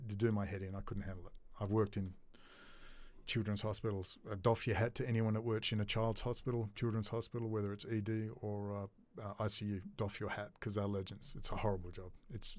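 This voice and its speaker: A man's voice: mid-range voice, no room sound. A man talking straight to his camera in a ranting monologue, agitated and swearing. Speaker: video blogger.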